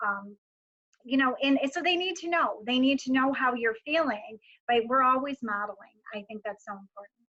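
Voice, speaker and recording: A woman's voice: sits high, moderate pace, bright, forceful tone, highs cut off. A woman speaking conversationally as an education specialist, with many "you know" fillers. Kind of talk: casual discussion.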